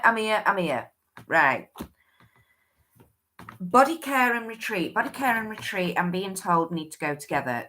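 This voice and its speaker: A woman's voice: mid-range voice, fairly bright tone. A woman hosting a livestream, giving a chatty oracle card reading that often restarts and thinks aloud.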